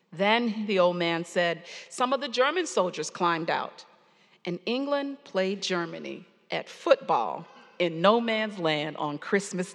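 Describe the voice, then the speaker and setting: A woman preacher giving a sermon, earnest and storytelling with pauses, in a church sanctuary. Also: lowish voice. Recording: long hall reverb.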